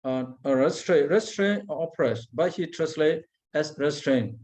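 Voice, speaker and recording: Burmese monk teacher, slightly high voice. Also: male voice, darkish tone. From Myanmar. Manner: halting, searches for English words, chants Pali passages then explains. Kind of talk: Abhidhamma lecture.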